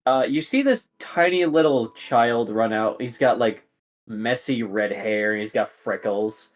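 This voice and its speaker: A man's voice: mid-range voice, expressive, a little slow. A man narrating as game master, rambling with many fillers.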